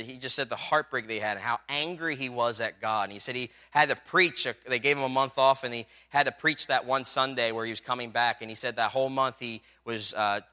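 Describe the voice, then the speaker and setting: A man's voice: medium pitch, sharp tone, clean tone. A man preaching a sermon, telling a story casually with many fillers and rising to emphatic peaks. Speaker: pastor.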